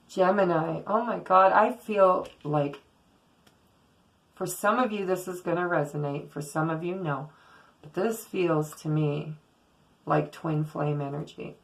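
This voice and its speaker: Slow, gravelly-voiced woman tarot reader. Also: low-pitched, low-quality recording. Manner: earnest, blunt, spiritual pep talk with casual swearing. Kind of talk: casual tarot reading monologue.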